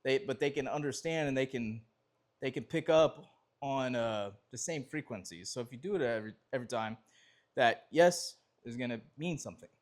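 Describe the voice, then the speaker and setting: Relaxed, rambling man teaching dog obedience. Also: medium pitch, moderate pace. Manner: relaxed, rambling explanations with restarts and fillers. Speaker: dog trainer. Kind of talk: casual training demonstration.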